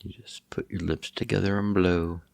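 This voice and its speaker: A man co-hosting a podcast, cracking deadpan teasing jokes in casual chat. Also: sits low, moderate pace, gravelly, over loud music. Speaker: podcast co-host. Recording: loud background noise.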